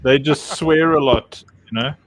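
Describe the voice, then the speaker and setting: A man's voice: a little high, a little slow, slight background noise. Joking South African man hosting a stream. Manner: joking, laughs often, rambling with many fillers. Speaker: livestream host. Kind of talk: casual chat.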